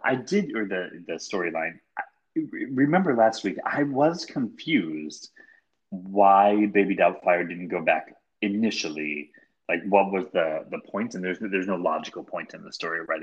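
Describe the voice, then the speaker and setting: A man's voice: low-pitched, husky, muffled recording. A man co-hosting a casual podcast chat, talking with lots of hesitant fillers. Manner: chatty, hesitant with many fillers. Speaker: podcast co-host.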